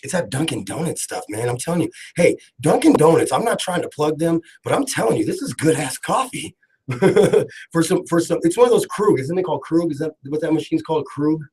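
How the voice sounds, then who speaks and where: A man's voice: fairly high pitch, a little fast, slightly rough, rough recording. A man hosting a live radio talk show from the studio, rambling and laughing as he tells stories. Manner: rambling, laughing, animated storytelling.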